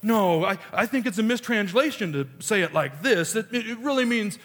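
A man's voice: high-pitched, animated, moderate pace, few pauses, fairly bright tone, big-room sound. A man preaching a sermon, telling a family story with playful quoted voices. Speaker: pastor.

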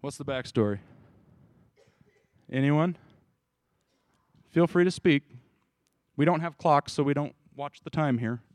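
A man's voice: fairly high pitch, measured pace, long pauses, no echo. A man preaching an informal sermon, talking casually and asking his group questions as he goes. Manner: casual, conversational, asks the group questions, restarts. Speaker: pastor.

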